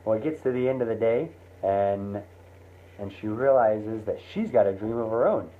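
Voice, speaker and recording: A man's voice: fairly low pitch, lively intonation, moderate pace. Man telling a story over a tinny line. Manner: rambling, many fillers and restarts. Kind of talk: casual spoken story. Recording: tinny phone-like line with faint hiss.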